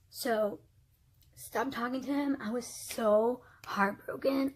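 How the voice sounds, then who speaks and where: A young woman vlogger telling a storytime casually, animated, dropping into whispers and laughs, with a breathy voice. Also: on the high side, takes it slowly. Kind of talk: storytime vlog, casual retelling.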